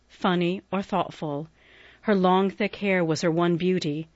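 A woman reading a classic novel aloud as audiobook narrator, measured and expressive. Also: fairly low pitch, dry recording, muffled recording.

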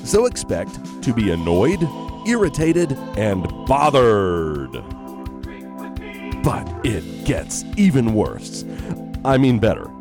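A man co-hosting a comedic wine radio show, teasing and deadpan. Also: on the low side, slow, music in the background. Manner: jokey, teasing, deadpan asides.

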